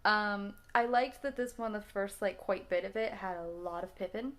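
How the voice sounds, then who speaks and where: Speaking at a normal speed with a medium, slightly bright voice and fairly even intonation, this vlogger in her twenties reacts to films she's just seen. Her chat is casual and rambling, broken up by frequent laughter and restarted sentences.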